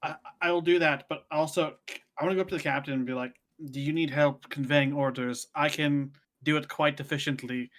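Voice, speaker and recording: A man's voice: on the high side, steady tone, a little fast, few pauses, a bit bright. A man playing a tabletop game in character, eager and chatty. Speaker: player. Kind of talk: casual role-play in character.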